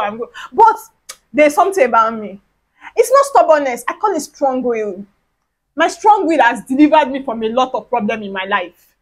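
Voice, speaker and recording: A woman with a Nigerian accent, a vlogger telling a lively story from her childhood and acting out the dialogue with big swings in pitch. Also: a little fast, poor audio. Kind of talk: storytime vlog.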